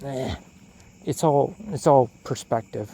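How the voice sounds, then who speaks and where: Out in the night with crickets and insects sounding around him, a solo podcaster delivers a rambling, profane, questioning monologue. He speaks slowly in a gravelly, medium-pitched voice over a rough recording with slight background noise.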